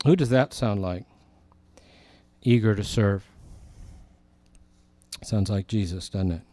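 A middle-aged pastor with a lowish voice takes his time as he preaches. His sermon includes an animated story in which he acts out the people he quotes.

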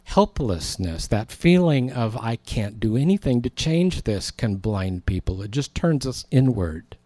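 Guy preaching, tells it like a story, acts out the quotes, mid pitch, dry mic. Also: very animated, measured pace, warm tone, dry recording. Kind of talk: sermon.

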